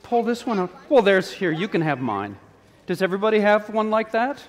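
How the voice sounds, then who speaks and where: A man with a notably high voice leads a children's sermon from the front of a church. He talks in a playful, coaxing way, drawing the kids in with questions. His voice rings out with the long reverb of the sanctuary. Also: sing-song, fairly quick. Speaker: pastor.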